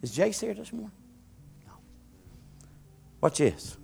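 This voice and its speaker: A male pastor, preaching a sermon as a storyteller whose voice climbs loud and high at the peaks. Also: big pitch swings, drawn-out words, creaky, pauses often, soft background music.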